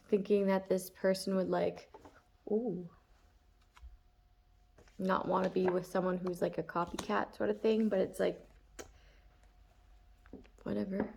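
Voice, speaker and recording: A woman's voice: medium pitch, fairly even intonation, unhurried, vocal fry, long pauses, a little mellow. A woman giving a casual, chatty tarot reading, laughing often and full of fillers. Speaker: tarot reader.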